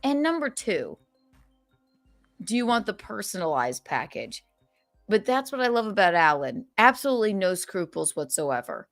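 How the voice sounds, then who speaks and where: A woman hosting a comedy podcast, chatting in casual banter with mock indignation and quick acted-out quotes. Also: medium pitch, big pitch swings, faint music behind.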